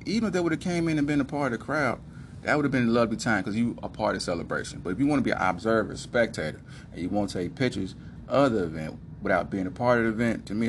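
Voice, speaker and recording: A man hosting a podcast, telling stories casually in an animated, emphatic, slangy way. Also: mid-range voice, slight background noise. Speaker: podcast host. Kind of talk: casual storytelling.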